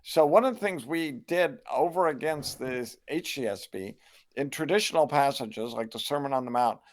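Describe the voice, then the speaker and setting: An older man speaks as a scholar, weighing his answers with care. He talks in a measured, reflective manner, often pausing and restarting as he thinks things through. His voice sits at an ordinary middle pitch. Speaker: New Testament scholar and Bible translator, guest. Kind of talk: thoughtful interview answers.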